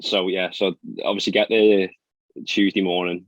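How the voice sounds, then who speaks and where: In a casual podcast conversation, this young pro golfer spins stories quickly, packing in fillers and laughter. His voice is deep and even; a loud crowd can be heard, though the recording itself is dry, dull and lo-fi.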